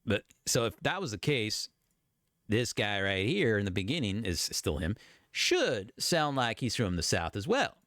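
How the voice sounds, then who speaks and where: A man giving casual reaction commentary as a YouTube commentator, chatty and animated. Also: on the low side, a little slow, no room sound, clean studio sound. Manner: animated, chatty, breaking into laughs and voices.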